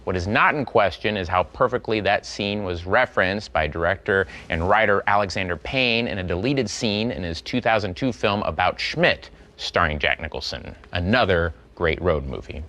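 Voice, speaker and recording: Measured male classic film host. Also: low voice, animated, sharp tone. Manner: measured, formal presenting. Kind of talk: scripted film introduction.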